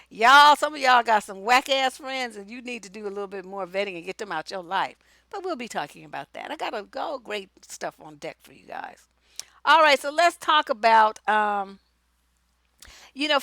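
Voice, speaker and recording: A woman relationship coach giving blunt, profane, animated advice in a casual talk. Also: on the high side, no echo, studio quality. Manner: blunt, profane and animated, acts out quoted voices.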